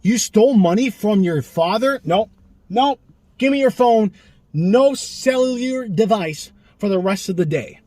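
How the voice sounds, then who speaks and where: A man playing a soft, lenient scolding parent. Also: high voice, lively intonation, measured pace, no echo, voice pushed up. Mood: mild scolding.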